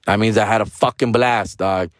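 With a raspy, worn-hoarse voice on the low side, a comedian in his forties delivers a casual, rambling, profane monologue at normal speed and with fairly even intonation. Spanish slang and a recurring "fool" run through it, and the recording is dry.

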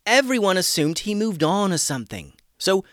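A man's voice: high voice, sing-song, normal speed, fairly bright tone, dry recording, studio quality, pitched above the performer's own voice. A man doing a flustered, rambling shopkeeper. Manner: flustered, rambling, repeats words. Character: flustered, chatty pet shop owner man. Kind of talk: storybook character voice.

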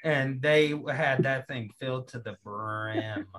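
A man's voice: medium pitch, slow, fairly bright tone. A young man in casual chat, blunt and jokey, cursing freely.

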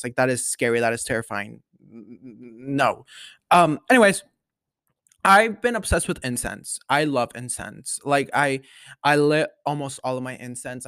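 A young man hosting his own podcast, talking in a loose, rambling way packed with fillers. His pitch sits in the middle of the range, and he tells his stories with big dramatic swings. The sound is dry and close, with almost no room around him. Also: a bit bright, dry recording. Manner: rambling, dramatic storytelling with many fillers and repeated "like". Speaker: podcast host. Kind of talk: casual solo podcast chat.

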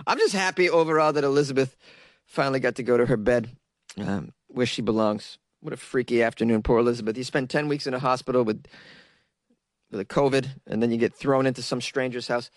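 A man's voice: medium pitch, a little fast, long pauses, dry recording. A young man hosting a comedy show, stoned and giggly, riffing sarcastically on odd news stories. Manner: laid-back, giggly, sarcastic.

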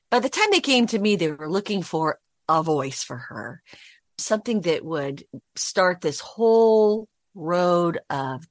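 A woman's voice: mid-range voice, no room sound, studio quality. A middle-aged woman, a voice actress, telling an anecdote in an interview, acting out the lines she quotes. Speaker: voice actress, guest. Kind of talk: storytelling interview.

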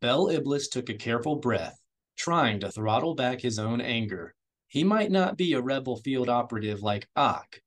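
A man narrating a science-fiction novella as an audiobook reader, in a steady, measured storytelling way. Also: medium pitch. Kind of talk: scripted narration.

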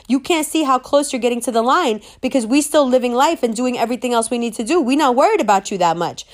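A woman ranting casually to camera, brash and sassy, swearing freely and laughing at her own jokes. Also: fairly high pitch.

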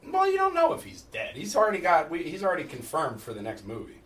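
A man hosting a casual podcast chat, animated and laughing often, explaining things at length. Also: fairly high pitch, fast talker. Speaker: podcast host. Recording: echoey room, distant mic, faint noise.

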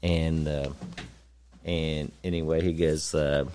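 A man telling a story in casual chat, halting with many ums and uhs. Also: extremely low pitch, flat delivery, warm tone, a little hiss or hum.

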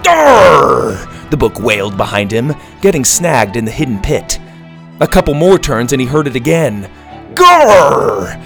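A man narrating a children's adventure story aloud, expressive and reading aloud. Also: medium pitch, normal speed, faint music behind.

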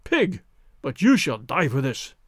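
A man's voice: mid-range voice, wildly swooping pitch, measured pace, breathy edge, dry recording, clean studio sound, pitched below the performer's own voice, full character voice. A man voicing a furious, threatening male villain in a storybook reading who shrieks his lines. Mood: enraged. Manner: shrieking, enraged.

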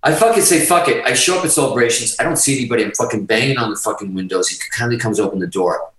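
A man's voice: medium pitch, very fast, reverberant, recorded from a distance, poor audio. Profane man telling stories. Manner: profane, rambling, animated. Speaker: musician guest telling stories. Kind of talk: casual storytelling chat.

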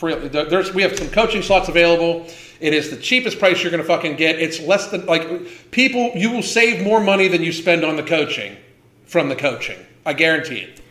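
A man's voice: a little high, animated, fairly quick, bright, forceful tone, roomy sound. A man in his fifties hosting a livestream, ranting with heavy swearing and emphatic repetition. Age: 50s. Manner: profane, heated, emphatic repetition. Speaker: host.

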